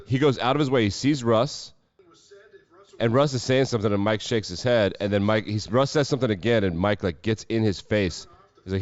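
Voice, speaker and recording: A man with a very low voice runs through the week's football in a loose, sarcastic way, dropping profanity and quick jokes. The sound is dry and a little dull, like a home podcast mic. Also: no room sound. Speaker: podcast host. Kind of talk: casual sports commentary.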